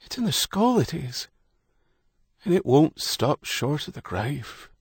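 A reader putting on a toothless old geezer, cracked and high-pitched, bitter and worn out, dry close sound. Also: male voice, very animated, slow, slightly rough, dry recording, exaggerated voice. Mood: mournful.

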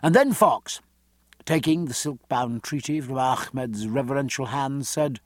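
A man narrating a novel in an expressive, dramatic storytelling style. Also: mid-range voice, measured pace, no room sound, clean studio sound. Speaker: audiobook narrator. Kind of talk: scripted narration.

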